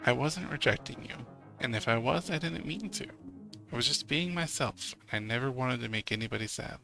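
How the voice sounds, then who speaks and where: A man reading as a quiet, hesitant young girl. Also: mid-range voice, brisk, gravelly, faint music behind. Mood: sad. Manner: soft, hesitant.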